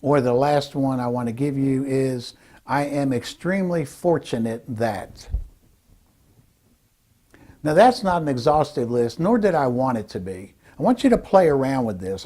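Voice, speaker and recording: Deliberate man coaching with a mellow voice. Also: medium pitch. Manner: emphatic, deliberate, slows down on key phrases. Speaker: speaking coach. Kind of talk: direct-to-camera instructional talk.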